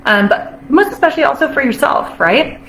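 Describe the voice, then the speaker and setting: Bubbly high-voiced woman in an echoey room. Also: animated, a bit bright. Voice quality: bubbly, laughs often, drawn-out emphatic phrases. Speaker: nutrition coach. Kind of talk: casual motivational talk to camera.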